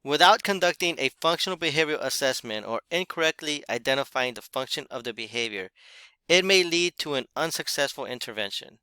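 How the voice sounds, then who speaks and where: A man giving a recorded class presentation, explaining in a measured way with occasional fillers. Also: medium pitch, animated, pushed and bright, smooth, dry recording.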